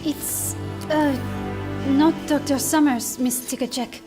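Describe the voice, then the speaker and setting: A gentle young woman. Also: high-pitched, fairly even intonation, slow pace, over music. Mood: earnest. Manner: earnest and gentle. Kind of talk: game cinematic voice acting.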